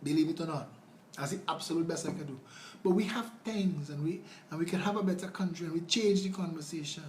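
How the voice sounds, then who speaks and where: A man's voice: fairly high pitch, quick pace, darkish tone. A man with a Trinidadian accent, a political candidate talking earnestly on a casual livestream and answering viewer comments. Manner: earnest, rambling, conversational. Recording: roomy with faint noise.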